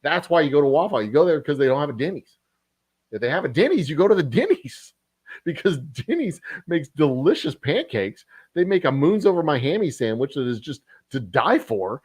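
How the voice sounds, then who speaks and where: A man's voice: on the high side, big pitch swings, brisk, darkish tone, slightly rough, dry recording. A man hosting a casual livestream, telling a rambling, profane story with frequent chuckles. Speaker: distillery host.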